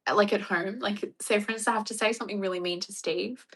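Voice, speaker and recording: A woman's voice: mid-range voice, fairly even intonation, fast talker, a bit bright. A woman, chatting playfully with her stream viewers and laughing often. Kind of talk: casual chat.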